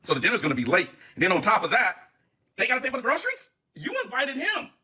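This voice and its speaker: A man's voice: high voice, huge pitch swings, fast, pushed and bright, husky. A man retelling a dating story in an amused, gossipy way, acting out quotes with laughs. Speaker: online commentator. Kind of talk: storytelling commentary.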